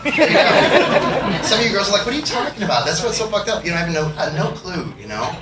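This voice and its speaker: A man with a high voice spins a crude, funny story between songs, mimicking his friends as he goes. He sounds far off in a roomy venue, and a lively crowd is heard behind him. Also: fairly quick. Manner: profane, joking, acts out the people in his stories. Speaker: singer-songwriter telling stories between songs. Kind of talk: storytelling to a live audience. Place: concert venue with an audience. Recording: roomy far-off live recording with crowd noise.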